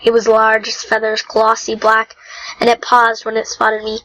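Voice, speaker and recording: A woman reading a novel aloud in an unhurried, homemade style, with small slips and throat-clearing. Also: a little high, completely flat delivery, fairly bright tone, poor audio. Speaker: reader. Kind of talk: amateur audiobook reading.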